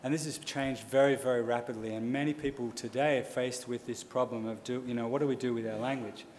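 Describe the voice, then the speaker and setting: A man of middle pitch speaks on a public panel, weighing his words and pausing often with fillers. His voice rings with lecture-hall reverb over a faint hum of room noise. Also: fairly even intonation, darkish tone. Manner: hesitant, thoughtful, many fillers. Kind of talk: panel discussion.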